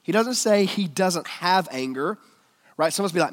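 A male preacher giving a sermon, swinging between loud emphatic lines and hushed, almost whispered ones. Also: sits high, animated, normal speed, long reverb tail.

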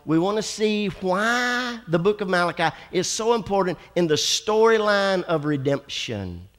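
A man's voice: sits high, a bit bright, long reverb tail. A male pastor preaching a sermon, drawing words out for emphasis and calling for amens from the congregation. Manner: dramatic preacher, slows and drawls for emphasis, calls for amens. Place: church sanctuary.

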